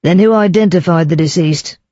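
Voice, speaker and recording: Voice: medium pitch, mellow, no room sound, dull audio, natural voice. Narrator doing a dour, suspicious police inspector. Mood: stolid. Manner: stolid, slow, skeptical. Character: gloomy, suspicious police inspector around fifty.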